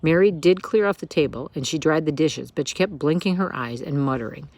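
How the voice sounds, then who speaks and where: A woman's voice: low-pitched, a little fast, darkish tone. Woman reading a children's book aloud. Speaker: storyteller.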